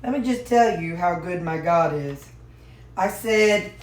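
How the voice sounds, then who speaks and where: A folksy woman talks her viewers through a home recipe, calling them y'all as she goes. Her mid-pitched voice rings in an echoey kitchen, with pots and dishes clattering behind her. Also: measured pace, darkish tone. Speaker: home cooking vlogger. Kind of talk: casual cooking vlog chat.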